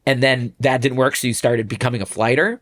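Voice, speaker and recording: A man in a coaching conversation on a podcast, his voice sitting at a middle pitch. He explains patiently and keeps checking in with the listener. His pace stays measured and conversational. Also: steady tone, a bit bright. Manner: explanatory, checks in with frequent "right?".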